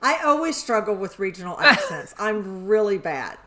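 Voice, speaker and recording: A woman's voice: medium pitch, very animated, moderate pace, crowd noise. An older woman chatting and giggling while she streams a game with a co-host. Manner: giggly and chatty, reads game lines aloud. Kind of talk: casual gaming stream chat.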